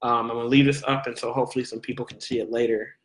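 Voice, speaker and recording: A man giving a casual spoken church testimony, rambling with many fillers and turning animated when he quotes people. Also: medium pitch, rapid-fire, roomy sound, low-quality recording.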